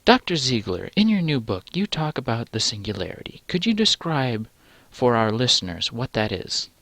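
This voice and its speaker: A man's voice: medium pitch, big pitch swings, normal speed, creaky, fairly bright tone, no echo, heavily acted. A man voicing a polite, inquisitive male podcast interviewer. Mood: curious.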